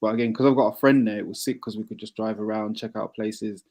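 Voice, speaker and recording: A man's voice: on the low side, steady tone, fast, darkish tone. A young man with a Birmingham English accent chatting casually, slangy and candid. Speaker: panel guest. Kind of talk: casual chat.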